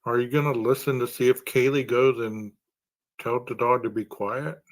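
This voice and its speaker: A man's voice: mid-range voice, flat delivery, normal speed. A man hosting a true-crime podcast. He reasons aloud and poses long strings of rhetorical questions. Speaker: podcast host.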